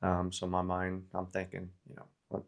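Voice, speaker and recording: A man co-hosting a podcast, telling a work story in an easygoing, halting way with frequent "um"s. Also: deep voice, monotone. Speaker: podcast co-host. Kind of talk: casual storytelling chat.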